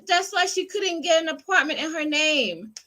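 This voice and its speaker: A woman comments on what she just heard, incredulous and emphatic. Her voice is high and bright. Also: lively intonation, moderate pace. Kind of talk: reaction commentary.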